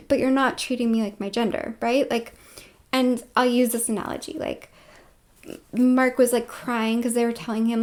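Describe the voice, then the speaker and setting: A woman vlogger talking to the camera in a rambling, casual monologue, full of fillers, swinging between loud and hushed. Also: on the high side.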